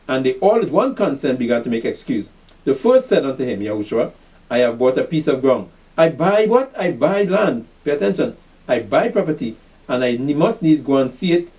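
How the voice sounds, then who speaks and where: Male preacher, lively swooping delivery, mellow tone, recorded off mic, drills the room with call-and-answer questions. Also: a little high, far from the mic, low-quality recording. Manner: repeats "pay attention", asks and answers his own questions. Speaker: preacher teaching a class. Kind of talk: fiery street-style scripture teaching.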